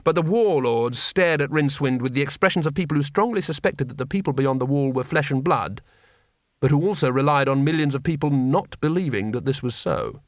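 Expressive male audiobook narrator. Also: medium pitch, fairly quick, no room sound, clean studio sound.

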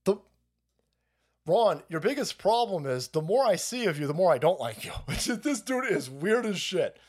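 Brief: male live-stream ranter, swears a lot, slightly high voice with a lively, swooping pitch. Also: normal speed, husky. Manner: profane, rambling and mocking, often laughing. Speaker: political streamer. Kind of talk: ranting live-stream commentary.

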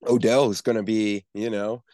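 Low-voiced male co-host, rambling casual sports talk, dry close sound. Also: little pitch movement, normal speed, mellow, no echo. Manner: rambling, stumbles over words. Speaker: podcast co-host.

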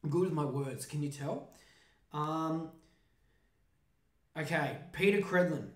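A man's voice: fairly high pitch, slow. Foul-mouthed ranting man, echoey room. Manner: swears constantly, mocking. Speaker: podcast host. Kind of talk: profane comedic rant. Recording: roomy echo.

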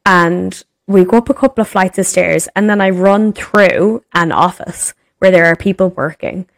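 A young woman co-hosting a podcast, telling stories in casual chat with lots of swearing and acted-out quotes. Her voice sits a little low, and the sound is dry and close. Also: normal speed, gravelly, no echo. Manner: animated, swears freely, acts out quotes. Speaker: podcast co-host.

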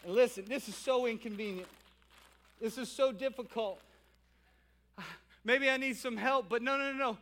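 A man preaching a sermon as pastor of his church, animated and moving between loud calls and quiet asides. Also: extremely high pitch, normal speed, pauses often. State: out of breath at times. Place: church sanctuary.

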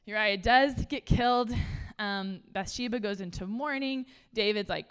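A woman giving a casual, conversational sermon to a room of listeners. She is chatty and animated, laughs often, and says "like" a lot. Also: mid-range voice, unhurried, hardly any pauses, clean tone. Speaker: speaker at a church gathering.

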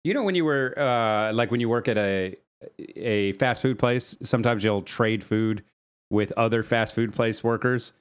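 A man's voice: mid-range voice, moderate pace, clean tone. A man co-hosting a podcast in casual chat, teasing and joking with his friends. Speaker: podcast co-host.

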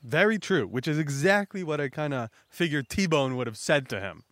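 A man's voice: fairly high pitch, expressive, moderate pace, fairly bright tone, no echo. A young man hosting a casual recap chat, rambling with lots of fillers and now and then acting out characters. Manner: rambling, filler-heavy, acts out characters in raised voices. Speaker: host recapping a manga chapter.

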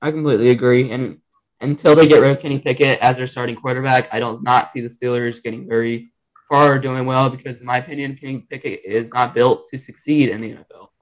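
A man's voice: medium pitch, steady tone, fast talker, poor audio. Young man hedging with ums. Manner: hesitant, many ums, agreeable. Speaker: podcast co-host. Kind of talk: casual sports chat.

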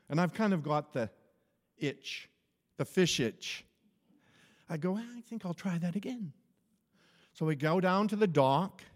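A man, a pastor, telling a humorous personal story in an animated sermon. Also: high voice. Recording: echoey hall.

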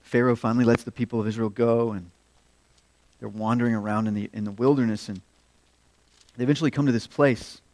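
A man preaching a sermon, working through a scripture passage, raising his voice to act out quotes and dropping low for key points. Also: fairly even intonation, brisk, pauses often. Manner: expository preaching, acts out quotes with rising pitch and volume; drops to hushed tones on key points.

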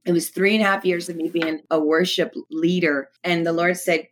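A woman pours out her personal story as a guest on a talk show, earnest and emphatic. Her voice sits somewhat low. She tells it conversationally, pressing hard on the key moments. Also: steady tone, a little fast, hardly any pauses. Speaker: podcast guest. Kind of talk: testimony in conversation.

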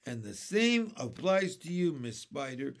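A man's voice: fairly high pitch, sing-song, unhurried. A man voicing a brave young boy in a storybook, commanding and reassuring.

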